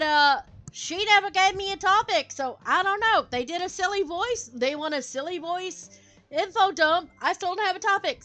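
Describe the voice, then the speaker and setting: A woman's voice: extremely high pitch, sharp tone. A woman streaming a game live and chatting with her viewers in a rambling, playful way, slipping into silly voices.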